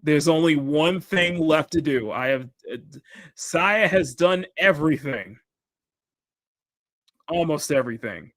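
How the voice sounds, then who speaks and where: A man's voice: on the high side, fairly bright tone, no echo. A man hosting a casual livestream while he draws, rambling and restarting his sentences, with frequent laughter. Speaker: livestream host.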